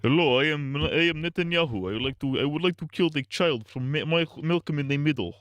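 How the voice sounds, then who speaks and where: A man's voice: on the high side, fairly quick, a bit bright, smooth, no echo, pitched above the performer's own voice, lightly acted. A male streamer putting on the stiff, formal voice of a pompous, menacing world leader in a mock impression.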